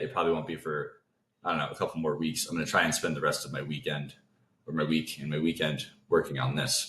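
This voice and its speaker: A man with a very low voice runs through a casual trading lesson at a rapid clip. He keeps cutting off his own thoughts and starting over. The room around him has a clear echo. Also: pushed and bright. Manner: fast talker who interrupts his own thoughts. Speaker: trading video host.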